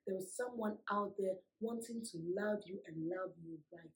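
A woman vlogger telling a personal story to her viewers in an emphatic, animated way, laughing often. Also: medium pitch, moderate pace, hardly any pauses, low-quality recording. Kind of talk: storytime vlog.

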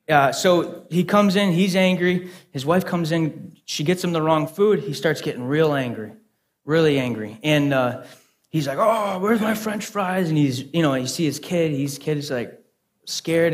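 A young man preaching a sermon through personal stories, earnest and conversational, with frequent halting restarts. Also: mid-range voice.

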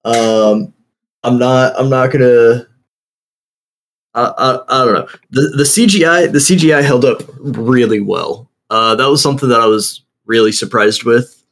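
A man in relaxed conversation with friends, stumbling through his thoughts with frequent fillers and restarts. His voice sits at an ordinary pitch, and he laughs easily between points. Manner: halting, many restarts and fillers, laughs often. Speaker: podcast co-host. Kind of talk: casual chat.

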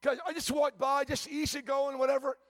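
A man's voice: very high-pitched, level tone, fairly quick, fairly bright tone, no room sound, studio quality. A man preaching a sermon as a visiting preacher, telling stories emphatically with frequent restarts and stammers.

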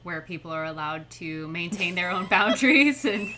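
A young adult woman speaking as a podcast guest in casual conversation, chatty and quick to laugh. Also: fairly low pitch, expressive, noisy background.

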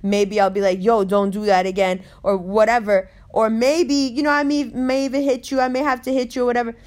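Profane, animated New woman. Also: a little high, fairly quick. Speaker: storyteller. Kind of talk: casual chat.

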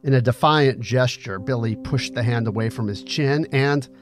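A man reading a story aloud in steady, dramatic audiobook narration. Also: mid-range voice, moderate pace, faint music behind.

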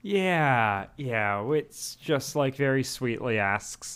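A man co-hosting a podcast in casual chat, thinking aloud in halting, trailing phrases. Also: medium pitch, sing-song, fairly bright tone. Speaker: podcast co-host.

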